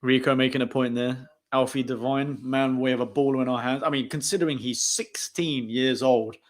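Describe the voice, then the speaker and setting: A young man hosting a casual post-match football chat on a live stream, talking fast and laughing often. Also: medium pitch, fairly even intonation. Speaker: host.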